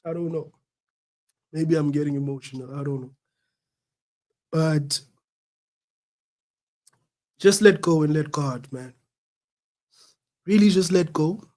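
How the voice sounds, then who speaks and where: A South African man hosts a radio show while down with the flu, coughing as he goes. His voice sits a little high with a dark tone, and he speaks slowly with frequent pauses. It's a reflective monologue delivered earnestly and preachily, with his points repeated.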